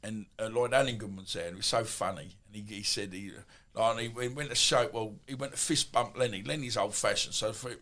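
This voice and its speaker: A man in his fifties with an Essex accent, telling stories as a podcast guest in a rambling, animated way with many asides. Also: on the low side, brisk, hardly any pauses. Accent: Essex English. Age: 50s. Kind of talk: casual storytelling.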